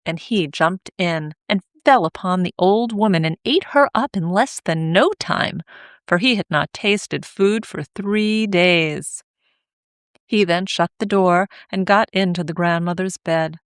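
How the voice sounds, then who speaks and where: A woman narrating a fairy tale in a slow, clear scripted reading for English learners. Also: mid-range voice, no room sound, studio quality.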